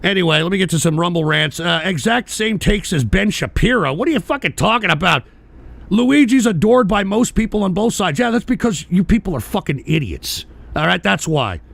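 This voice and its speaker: An older man hosting a political podcast, ranting angrily with heavy profanity and shouting at times. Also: high voice, animated, brisk, creaky. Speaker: podcast host.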